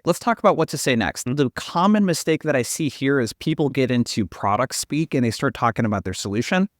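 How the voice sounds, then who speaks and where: A man hosting a sales podcast who briskly steers questions to his guests. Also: medium pitch, dry recording, clean studio sound. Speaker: podcast host.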